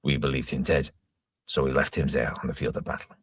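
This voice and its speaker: Man reading a blustering musketeer, earnest, very deep husky voice, dry sound. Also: flat delivery, fairly quick, no room sound, distant mic.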